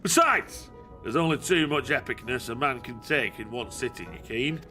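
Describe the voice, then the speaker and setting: A man voicing a boastful, gruff male hero who brags in a thick, folksy dialect. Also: medium pitch, expressive, normal speed, pushed and bright, faint music behind. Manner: blustering, dialect-heavy bragging.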